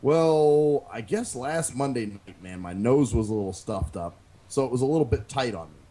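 At a normal speed and medium pitch, this podcast co-host chats casually and profanely. He tells stories with animation, swears freely, and performs other people's quotes.

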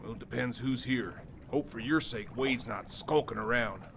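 An actor playing a gruff boatman in a video game, giving ominous warnings. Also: mid-range voice, moderate pace, a bit bright, a little hiss or hum.

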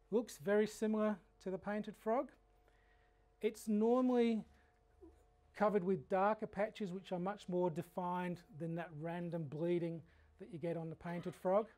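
An Australian man teaching a frog identification workshop in a fairly high voice. He tells humorous, animated stories between his explanations of frog habits. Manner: animated anecdotal storytelling. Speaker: frog educator. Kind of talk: workshop lecture.

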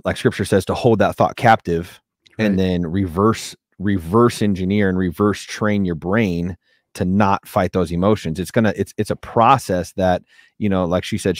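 A man co-hosting a podcast, chatting casually, often pausing on ums and restarting his sentences. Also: low voice, no room sound, clean studio sound. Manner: searching for words, many ums and restarts. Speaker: podcast co-host.

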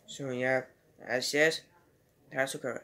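A man's voice: mid-range voice, steady tone, slow, creaky, bright, forceful tone. A man giving a casual home video movie review and retelling scenes in a rambling, loosely strung way.

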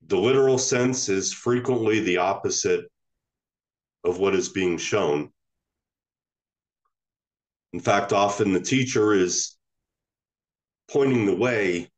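A male Zen teacher gives a reflective dharma talk. His voice is low and unhurried, and he often stops and restarts his phrases as he thinks them through.

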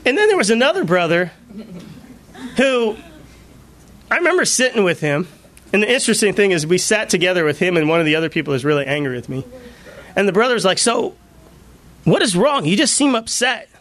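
A male pastor preaching a sermon, telling personal stories in an animated way and laughing often. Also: sits high, fast talker, long pauses. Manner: animated storytelling with frequent laughter.

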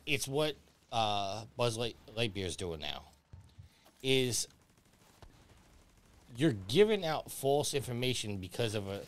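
A man hosting a game stream, rambling casually through gaming talk and chuckling often. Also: mid-range voice. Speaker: streamer host.

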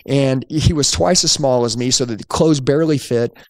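A man in his forties telling a story about his start in car sales, animated and acting out the voices of the people in it. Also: mid-range voice, moderate pace, no room sound, studio quality. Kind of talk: storytelling to an audience.

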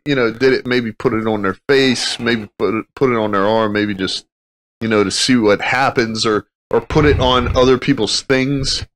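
A man of middle pitch chats casually as a host, throwing in dry jokes and laughing along. A faint noise sits under his voice. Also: fairly bright tone. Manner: quick joking interjections, laughs along. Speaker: veteran podcast host. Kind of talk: casual chat.

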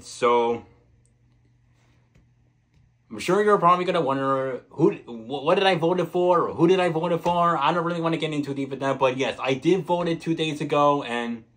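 A man's voice: a little high, fairly bright tone. A man hosting a reaction video, talking casually with sighs and hesitant restarts. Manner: sighing, hesitant, chatty.

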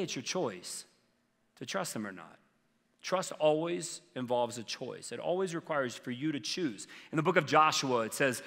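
A man's voice: medium pitch, fairly bright tone. A man preaching a sermon as a pastor, earnest and conversational, with casual fillers. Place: church sanctuary. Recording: long reverb from a large church hall.

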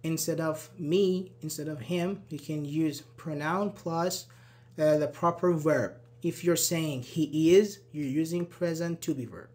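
A man's voice: on the high side, steady tone, measured pace, a little mellow. A male English teacher leading a live online grammar class, patiently explaining and repeating example phrases while answering viewers' comments by name.

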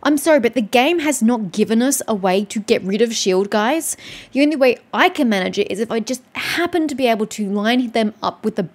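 A woman's voice: on the high side, expressive, a little fast. A woman streamer commenting on her gameplay, exhausted and upset after crying, ranting with heavy swearing. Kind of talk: let's play commentary.

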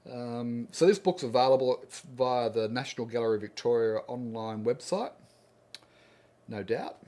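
A man's voice: mid-range voice, a little mellow. A middle-aged Australian man hosting a casual livestream chat as an art teacher, greeting viewers by name in a friendly, easygoing way.

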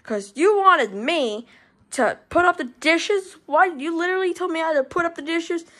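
Brief: whiny lazy gamer boy, played by a woman, high and bright, complains fast. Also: expressive, heavily acted. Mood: grumbling.

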